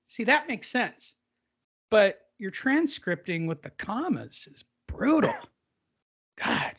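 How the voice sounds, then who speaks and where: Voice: high-pitched, lively intonation, slow, fairly bright tone. A host of a boxing podcast reading news and quotes aloud in a joking, casual way, mocking the wording as he goes. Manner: joking, reads quotes aloud with mock emphasis. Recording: slightly dull audio.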